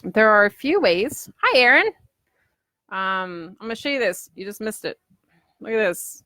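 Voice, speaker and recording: A woman's voice: medium pitch, lively intonation, normal speed, sharp tone, no room sound. Chatty woman demoing crafts at home. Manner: chatty and rambling, acts out customers' lines. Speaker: polymer clay crafter selling ornaments. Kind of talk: casual live craft demo.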